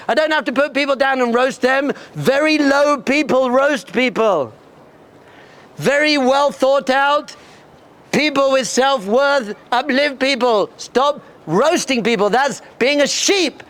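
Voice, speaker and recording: High-pitched, bright-voiced rabbi's pep talk. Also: male voice, unhurried. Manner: animated storyteller, acts out bleating sheep and roaring lion; emphatic, repeats short punchy lines. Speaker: rabbi addressing yeshiva students. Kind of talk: energetic pep talk with storytelling.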